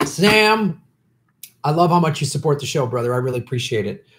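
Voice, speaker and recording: A man's voice: mid-range voice, very fast. Opinionated man hosting a live stream. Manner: opinionated, heated, with many restarts. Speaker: livestream host answering viewer questions. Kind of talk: casual live-stream chat.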